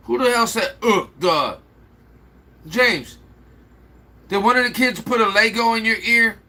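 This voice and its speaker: A man's voice: sits high, bright, forceful tone. A man with a slight Chicago accent, rambling and answering viewer comments aloud in a casual livestream chat. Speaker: livestream host.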